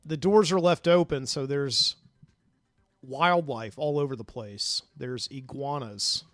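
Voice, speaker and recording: A man's voice: medium pitch, fairly bright tone, dry recording. A man hosting a podcast, telling a dream story in a rambling way with many fillers, recorded in a studio. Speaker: podcast host.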